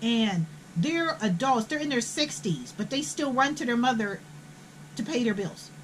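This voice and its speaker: A woman's voice: on the high side, expressive, a little slow, a little hiss or hum, poor audio. An older woman, telling a family story in a blunt, profane, indignant way. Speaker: host. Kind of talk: casual storytelling.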